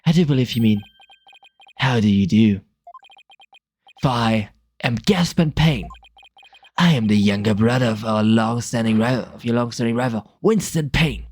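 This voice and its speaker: A man streaming a game, reading a smug, sneering male prosecutor with a drawn-out delivery. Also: medium pitch, a little mellow, no echo, lightly acted. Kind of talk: casual game dialogue reading.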